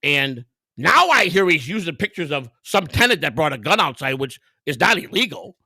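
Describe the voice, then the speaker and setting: A man's voice: fairly high pitch, very animated, moderate pace, bright, forceful tone, no room sound. A man hosting a livestream, telling a heated, profane story full of quoted dialogue. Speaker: host.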